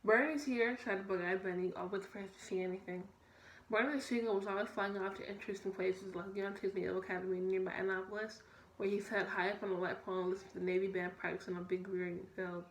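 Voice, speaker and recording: In an echoey room with faint noise, a young woman, a student, reads a children's story, often tripping up and fixing her mistakes. She speaks fast in a mid-range voice with a flat delivery.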